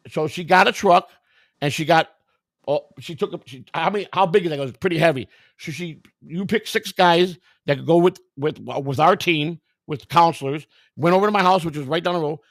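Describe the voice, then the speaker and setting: A man's voice: a little high, normal speed, a bit bright, dry recording, clean studio sound. An older man candidly telling his life story in conversation, blunt and profane, rambling with restarts and quoted dialogue. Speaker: guest.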